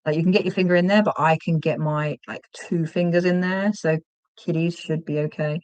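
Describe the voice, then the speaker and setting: A woman hosting a casual livestream while she crochets. She chats, gets sidetracked, and counts her stitches out loud. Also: on the low side, fairly even intonation, brisk, no room sound. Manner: chatty and easily sidetracked, counts stitches aloud. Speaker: livestream host.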